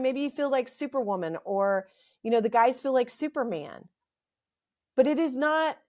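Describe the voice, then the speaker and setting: A middle-aged woman hosting a health podcast, ranting emphatically and repeating phrases, her throat a little dry. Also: fairly high pitch. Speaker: podcast host, health practitioner. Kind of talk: impassioned health podcast monologue.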